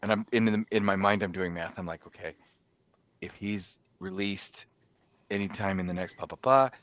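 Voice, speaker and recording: A man co-hosting a podcast, telling a story in animated casual chat and acting out the texts he got. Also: low voice, moderate pace, no room sound. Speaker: podcast co-host.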